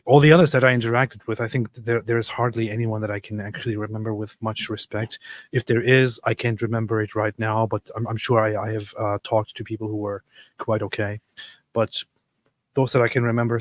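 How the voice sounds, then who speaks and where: A man's voice: fairly low pitch, little pitch movement, a little fast, no echo. A man co-hosting a casual chat show and reading out viewer comments, talking sarcastically and laughing often. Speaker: co-host.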